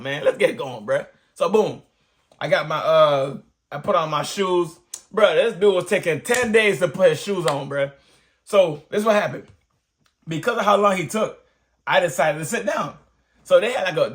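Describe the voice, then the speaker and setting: A young man tells a comic story straight to the camera in a bright, high-pitched voice. His delivery is loose and animated, full of slang fillers. Now and then he jumps into loud, disbelieving exclamations. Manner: animated, peppers talk with "bruh", bursts into shouted exclamations. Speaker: storyteller vlogger.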